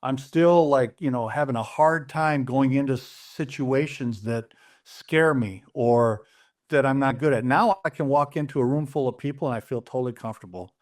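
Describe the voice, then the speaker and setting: A man's voice: medium pitch, moderate pace. Earnest middle-aged man sharing his story. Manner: earnest, plain-spoken, retelling dialogue. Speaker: interview guest. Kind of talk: personal story in an interview.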